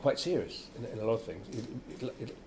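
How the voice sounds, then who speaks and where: An older actor chatting as an interview guest, a lively storyteller who acts out quotes. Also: male voice, medium pitch, a little fast, slight background noise. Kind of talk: casual interview chat. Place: venue with background chatter.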